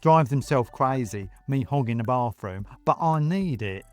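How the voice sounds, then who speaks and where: A man's voice: mid-range voice, animated, measured pace, no room sound, faint music behind, lightly acted. A man voicing a chatty young woman warehouse worker who rambles on. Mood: breezy. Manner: breezy, rambling.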